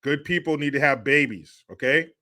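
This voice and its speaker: A man's voice: a little high, moderate pace, bright, forceful tone. A man hosting a livestream, telling family stories in a joking, crude way and laughing often. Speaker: host. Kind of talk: casual livestream talk.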